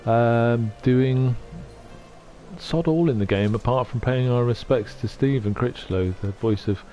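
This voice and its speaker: A middle-aged man chatting on a livestream, soft-spoken and halting, often moved. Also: mid-range voice, lo-fi sound. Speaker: streamer. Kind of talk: casual livestream chat.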